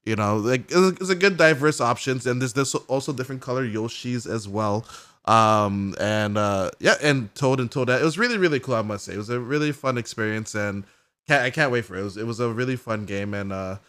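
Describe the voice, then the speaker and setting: A man's clear, resonant mid-range voice moves fairly quickly as he co-hosts a relaxed gaming podcast. Wandering through an event recap, he says "like" constantly and eagerly performs the characters' reactions.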